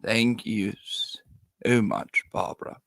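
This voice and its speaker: Gravelly-voiced man chatting on a livestream. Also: lowish voice, takes it slowly. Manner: animated storyteller, reads viewer comments aloud. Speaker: live stream host. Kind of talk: casual livestream chat.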